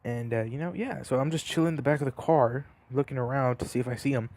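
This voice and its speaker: A man's voice: mid-range voice, fast talker, darkish tone, dry recording. Rambling young man telling a story. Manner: rambling, many fillers and restarts, laughs at himself. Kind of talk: casual storytime over gameplay.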